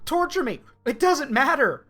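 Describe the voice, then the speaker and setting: A man's voice: sing-song, moderate pace, soft background music, full character voice. A man voicing a guilt-ridden tavern keeper who shrieks at his friends to punish him. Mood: anguished. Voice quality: shrill, cracking yells.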